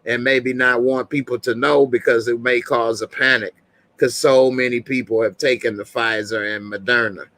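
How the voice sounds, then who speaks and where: A man's voice: mid-range voice, steady tone, moderate pace, sharp tone. A middle-aged man hosting a casual live-stream commentary show, chatty and laid-back, often laughing and talking straight to his viewers. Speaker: show host.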